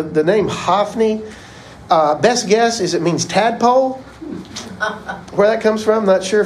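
A man's voice: high voice, slight background noise, rough recording. A man teaching a casual Bible class, chatty and rambling. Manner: chatty, rambling, uses "y'all".

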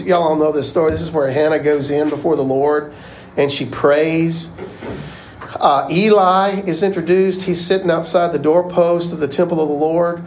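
A man's voice: a little high, darkish tone, slight background noise, low-quality recording. A man teaching a casual Bible class, chatty and rambling. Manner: chatty, rambling, uses "y'all".

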